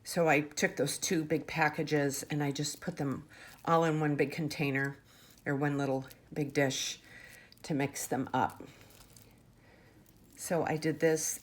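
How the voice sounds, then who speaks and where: A woman showing off her handmade jewelry in a casual vlog, chatty and gushing, with fillers and restarts. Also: deep voice. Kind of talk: casual show-and-tell vlog. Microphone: camera mic on a tabletop.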